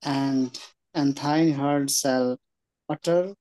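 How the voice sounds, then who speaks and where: A participant reading scripture aloud slowly, hesitating and stumbling over old-fashioned words. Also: mid-range voice, steady tone, mellow, no echo, low-quality recording. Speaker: Bible reader in study group. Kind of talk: slow halting scripture reading.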